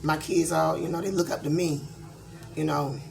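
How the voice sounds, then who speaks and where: A woman's voice: sits low, steady tone, normal speed, vocal fry, background noise. A middle-aged woman from Georgia, talking in a candid, rambling way as a tarot reader in a casual vlog. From Georgia, USA. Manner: blunt, candid, rambling with many fillers.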